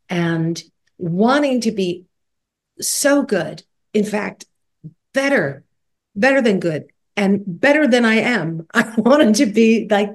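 A woman's voice: medium pitch, a little mellow. A middle-aged woman singer, a guest on a podcast, talking candidly and with animation, often breaking into laughter. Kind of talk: podcast interview.

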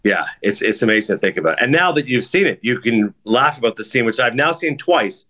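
A man co-hosting a casual podcast, reviewing films and telling animated stories with acted-out quotes. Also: mid-range voice, fairly quick. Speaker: film critic and co-host.

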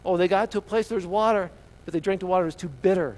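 A man preaching with animated storytelling. His voice sits a little high for a man, and it jumps from loud, excited lines to quiet, hushed asides. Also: fast, poor audio. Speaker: pastor. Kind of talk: sermon.

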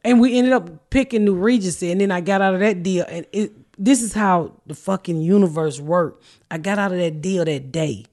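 A woman's voice: fairly low pitch, moderate pace, darkish tone. Middle-aged woman, podcast host, swears a lot, blunt storyteller, laughs often. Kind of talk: casual storytelling chat.

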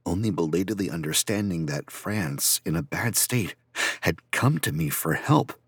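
A man narrating a first-person audiobook in a quiet, reflective, even way. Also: deep voice, normal speed, husky, no room sound.

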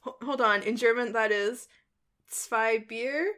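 A woman from Canada co-hosting a podcast, chatting casually, giggly and animated, with many fillers. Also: on the high side, slow pace. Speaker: podcast co-host. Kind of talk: casual chat.

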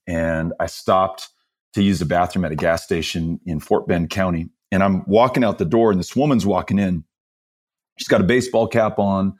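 A man from Texas, a political candidate, telling stories as an interview guest in an earnest, impassioned way. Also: on the low side. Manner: earnest storytelling, measured and impassioned. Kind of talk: conversational interview.

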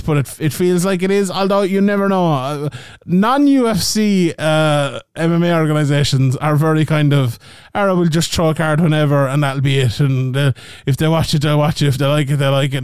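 A man's voice: a little high, smooth, no room sound, clean studio sound. A male podcast host reading ads in a casual, joking, rambling way, often correcting himself. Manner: rambling, jokey, self-correcting. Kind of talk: casual chat and ad reads.

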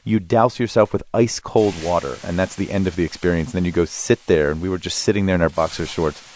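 A man as an interview guest, telling relaxed anecdotes about his travels and laughing as he goes. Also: low voice, fast talker, a little hiss or hum. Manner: relaxed anecdotal storyteller, laughs mid-sentence. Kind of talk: conversational storytelling.

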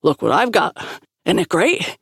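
A woman's voice: on the low side, big pitch swings, measured pace, gravelly, a bit bright, husky, no room sound, clean studio sound, heavily acted. A woman voicing an eager, boyish young man who gets flustered easily.

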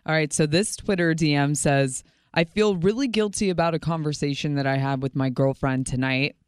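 Smooth woman reading a listener message. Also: sits low, normal speed, no room sound, studio quality.

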